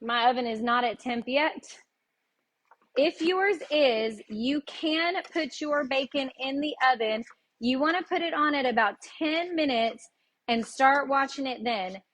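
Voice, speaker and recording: Woman, Tennessee accent, high-pitched, folksy, chatty, live cooking lesson host. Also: a little slow, a bit bright. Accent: Southern US, Tennessee. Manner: chatty, folksy, talks to viewers directly.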